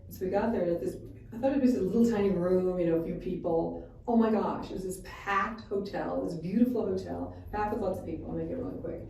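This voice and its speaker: Brief: woman exec guest, rapid storyteller, deep mellow tone, echoey room with the mic far off. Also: gravelly, slight background noise. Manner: fast, lively storyteller who acts out dialogue. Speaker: spa executive guest. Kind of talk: conversational interview, storytelling.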